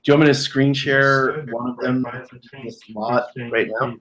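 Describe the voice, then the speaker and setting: A man's voice: medium pitch, fairly even intonation, moderate pace, fairly bright tone, poor audio. Joking, swearing man on a live stream. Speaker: co-host showing items. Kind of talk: casual live-stream chat.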